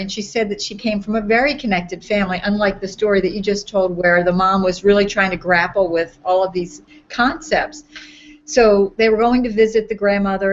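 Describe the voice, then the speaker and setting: A woman co-hosts a podcast, chatting casually and telling a story with plenty of laughter. Her voice is mid-range and the audio sounds dull.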